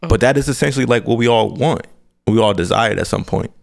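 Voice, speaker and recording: A man's voice: mid-range voice, fast, creaky. A man co-hosting a podcast, who mostly backs the others up with short agreements and now and then makes a point in casual chat. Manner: supportive listener, lots of short agreements. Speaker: podcast co-host.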